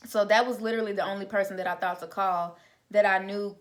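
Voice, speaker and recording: A young adult woman vlogger shares her personal faith testimony casually and conversationally, using lots of fillers. Her voice is medium in pitch with fairly even intonation, and she talks quickly.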